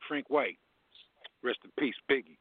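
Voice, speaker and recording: A man's voice: mid-range voice, unhurried, no echo. A man hosting a radio show in loose, profane street slang. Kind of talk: casual radio talk. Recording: dry, phone-like sound.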